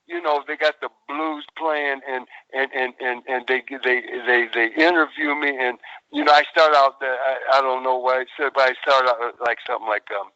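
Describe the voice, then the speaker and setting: A man's voice: mid-range voice, fairly even intonation, normal speed, bright, forceful tone, no echo. An older man, a retired wrestler, telling stories as a podcast guest, rambling and repeating words, calling the host brother and man. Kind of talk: animated storytelling interview. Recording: dull phone-like call line.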